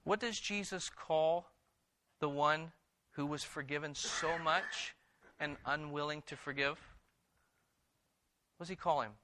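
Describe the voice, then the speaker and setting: Earnest pastor with a bright, forceful voice. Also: male voice, on the high side, steady tone, takes it slowly, long pauses. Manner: earnest preaching, rising to emphatic repetitions; reads scripture aloud then exhorts the congregation. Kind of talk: sermon.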